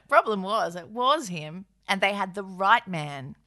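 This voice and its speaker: A woman's voice: medium pitch, sing-song, slow pace, bright, forceful tone. A woman co-hosting, telling a comic history story with playful, wry asides. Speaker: podcast co-host narrator.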